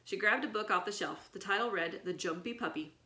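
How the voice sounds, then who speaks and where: A woman reading a children's chapter book aloud in an expressive storytelling manner. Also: mid-range voice, a little fast. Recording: echoey room.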